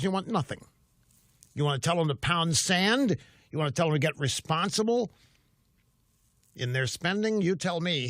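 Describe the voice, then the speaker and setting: Emphatic older talk radio host, bright voice. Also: male voice, sits high, no echo, studio quality. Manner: emphatic, combative, rhetorical questions. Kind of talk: political talk radio monologue. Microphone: studio mic.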